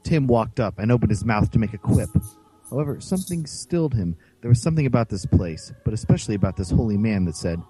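A man narrating a storybook aloud with an animated delivery. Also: fairly low pitch, quick pace, faint music behind, low-quality recording. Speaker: reader. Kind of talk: reading a book aloud.

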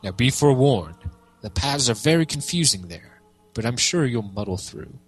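A man voicing a solemn but good-humored monk with a calm, measured delivery while reading a storybook aloud. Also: mid-range voice, husky, soft background music.

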